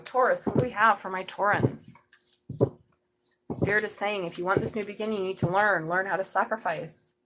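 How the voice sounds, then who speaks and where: A middle-aged woman doing a live tarot reading, chatty and excitable, swearing casually as she talks. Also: mid-range voice, low-quality recording. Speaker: tarot reader.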